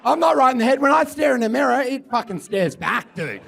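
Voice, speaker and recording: A man doing a loud, crude stand-up comedy set on a club stage, often shouting. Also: extremely high pitch, very animated, fairly quick, vocal fry.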